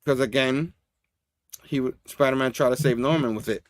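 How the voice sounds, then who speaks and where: A man's voice: mid-range voice, normal speed, no room sound, studio quality. A man hosting a casual comic book review, rambling through the plot and chuckling often. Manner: chuckling, rambling, says "you know what I mean". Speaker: host.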